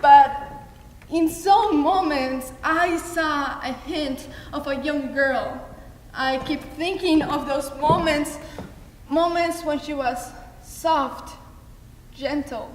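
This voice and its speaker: Teenage girl, solo dramatic monologue, halting and intense, high voice, reverberant hall, faint ambience. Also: slight background noise. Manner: intense, halting, emotional delivery. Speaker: student performer.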